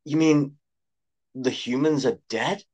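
A man voicing a frightened ordinary man who stammers in a high, anxious voice. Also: takes it slowly, darkish tone, slightly rough, no echo. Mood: panicky.

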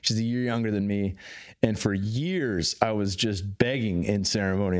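A man in his thirties talking candidly as a podcast guest, swearing freely and getting animated. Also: lowish voice, moderate pace, smooth. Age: 30s. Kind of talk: casual interview conversation.

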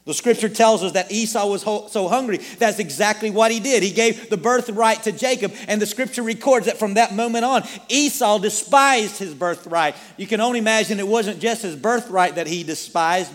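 Male pastor, high voice, sermon storytelling with rhetorical questions; long hall reverb. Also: moderate pace. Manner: storytelling preacher who asks the listeners rhetorical questions.

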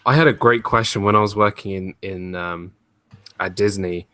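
A man's voice: low-pitched, fairly even intonation, moderate pace, pushed and bright, smooth, no room sound. A man from the UK co-hosting a podcast, easygoing and amused as he tells stories. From United Kingdom. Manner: easygoing, reads chat questions aloud, amused storytelling. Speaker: podcast co-host. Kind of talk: casual chat.

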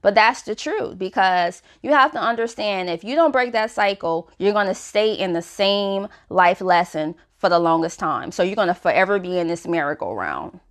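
A woman's voice: mid-range voice, expressive, normal speed, few pauses. A woman hosting a self-help podcast, talking frankly and casually with lots of "you know" fillers. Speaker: podcast host.

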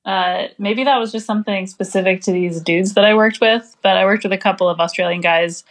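A woman's voice: medium pitch, steady tone, a little fast. An American woman co-hosting a casual podcast. She talks loosely and chattily, filling her sentences with "like" and laughing often. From United States. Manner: chatty, lots of "like" fillers, laughs easily. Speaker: podcast co-host. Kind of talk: casual chat.

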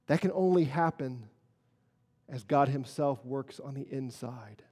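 A man preaching a sermon as pastor, earnest, moving between quiet solemn stretches and emphatic rises. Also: medium pitch, measured pace, big-room sound.

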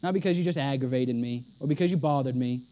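A man's voice: medium pitch, quick pace, warm tone. A man preaching a sermon with emphasis, often repeating a line for stress.

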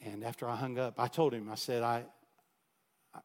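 Male pastor, sermon storyteller, dynamic loud-soft delivery, mid pitch. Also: fast talker. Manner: animated, swings from loud to hushed.

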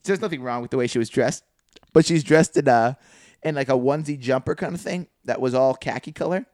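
A young adult man co-hosting a podcast tells rambling, profane stories and laughs at his own jokes in casual chat. He talks fairly quickly at a medium pitch with a darkish tone, in studio-quality audio with no room sound.

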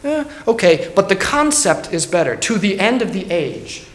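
A man's voice: high voice, big pitch swings, moderate pace. A man, a pastor, teaching a Bible study in an earnest, emphatic way and thinking aloud as he goes. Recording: roomy echo.

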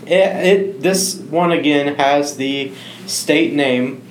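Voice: medium pitch, slow pace. A podcast co-host introducing a news segment in an upbeat, teasing way. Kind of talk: casual chat. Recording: echoey room with faint hum.

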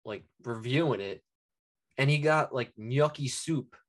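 A man co-hosting a casual podcast, ranting in an animated way and swearing freely. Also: medium pitch, measured pace. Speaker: podcast co-host. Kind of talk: casual chat.

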